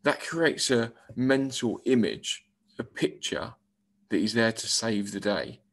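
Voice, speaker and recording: A man's voice: mid-range voice, lively intonation, slow pace, creaky. A male primary school teacher giving a recorded English lesson, explaining step by step and reading example lines aloud.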